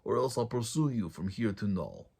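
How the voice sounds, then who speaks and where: A man's voice: on the low side, very animated, normal speed, gravelly, darkish tone, husky, exaggerated voice. A man voicing a cold, determined male nomad hunter with a thick foreign accent in a read-aloud fantasy story. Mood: grim.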